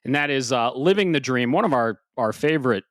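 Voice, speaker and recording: A man co-hosting a casual gaming podcast, slightly out of breath, swearing freely and swinging from loud bursts to low mutters. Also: lively intonation, brisk, no room sound, studio quality. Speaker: podcast co-host.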